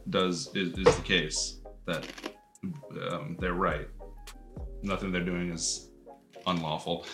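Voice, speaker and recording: A stuffy-nosed man talks slowly through a film plot, his voice bright and forceful. He rambles, swears freely and laughs as he goes, in a loose podcast chat. Faint music sits behind him. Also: medium pitch. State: congested sinuses. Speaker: podcast host. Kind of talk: casual movie recap.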